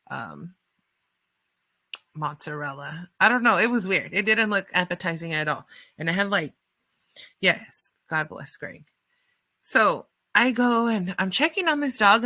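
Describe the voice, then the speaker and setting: A woman radio host telling a rambling story in a casual, animated way, full of fillers and acted-out quotes. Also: on the low side, no echo.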